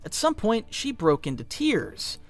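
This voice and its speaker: A man's voice: high-pitched, wildly swooping pitch, measured pace, faint music behind. A man narrating a commentary video in a wry, opinionated way.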